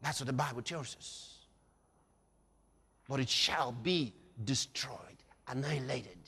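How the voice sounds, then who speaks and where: A man preaching a dramatic sermon, swinging between shouts and hushed, low passages. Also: slow, husky. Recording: long reverb of a large hall.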